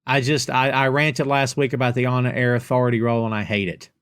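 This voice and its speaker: A man's voice: mid-range voice, level tone, fairly quick, a bit bright, clean tone. A middle-aged man hosts a loose, chatty question-and-answer show, reading viewer comments aloud and answering them off the cuff. He teases with playful sarcasm, then settles back into easygoing opinion. His voice sits in an ordinary middle range. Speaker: podcast host answering audience questions. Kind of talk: casual live-stream chat.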